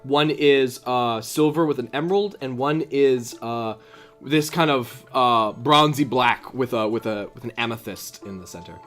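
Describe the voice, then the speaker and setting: A man's voice: medium pitch, normal speed, fairly bright tone. A man narrating a tabletop game as game master, rambling with many fillers and breaking into character voices. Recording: faint background music.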